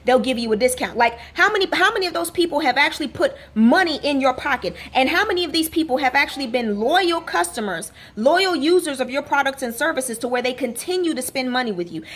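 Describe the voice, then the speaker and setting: A woman's voice: sits high, a bit bright. A woman fitness coach giving a motivational vlog rant, hammering home rhetorical questions. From Texas. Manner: emphatic, repeats rhetorical questions.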